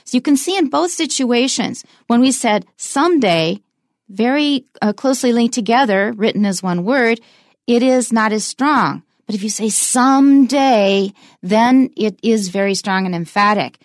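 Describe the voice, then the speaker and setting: Teacher woman reading slow emphatic examples. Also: fairly high pitch, expressive, no room sound, clean studio sound. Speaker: English teacher. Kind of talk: bilingual English lesson.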